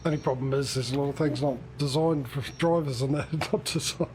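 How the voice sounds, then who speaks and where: A mid-pitched man chats casually on a gaming livestream, talking to himself and teasing himself as he plays. Faint noise hums behind his voice. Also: steady tone, a little fast. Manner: chatty, self-mocking, talks to himself while playing. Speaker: streamer.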